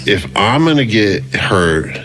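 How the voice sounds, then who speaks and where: A man, a former pro football player, appearing as a podcast guest and telling vivid anecdotes in a relaxed way. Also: fairly low pitch, slow pace, slight background noise. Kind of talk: casual chat.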